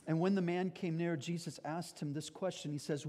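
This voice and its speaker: A man's voice: a little high, fairly even intonation, normal speed, mellow. A man preaching a sermon as pastor, earnest and emphatic, speaking directly to his congregation.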